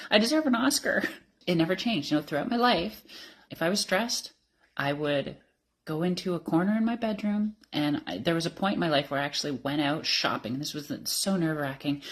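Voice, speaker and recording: A woman in her thirties telling her life story candidly and emotionally, laughing often. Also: deep voice. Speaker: interviewee. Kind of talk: personal storytelling.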